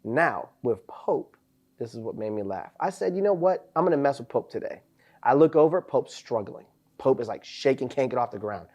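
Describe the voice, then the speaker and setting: A young man and podcast host telling boot camp stories in casual chat, animated and profane, acting out the voices of people in his stories. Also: mid-range voice, moderate pace.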